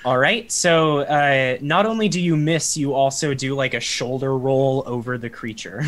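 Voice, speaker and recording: Brief: young male game master, relaxed and plain-spoken, average pitch, light background noise. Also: unhurried. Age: young adult. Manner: easygoing, answers rules questions plainly. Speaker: dungeon master. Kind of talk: narrating a tabletop game.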